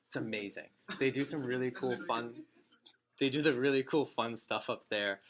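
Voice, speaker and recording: A man speaking as a district manager to his sales team, an animated storyteller who acts out quotes and jokes, in a meeting room with an audience. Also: medium pitch, normal speed, a little hiss or hum. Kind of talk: motivational talk to a room.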